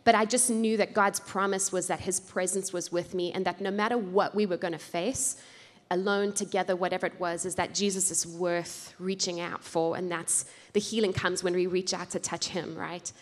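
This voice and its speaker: Woman, heartfelt testimony, lower pitch, long hall reverb. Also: flat delivery, normal speed. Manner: earnest, heartfelt. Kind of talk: testimony at a conference. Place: large conference hall.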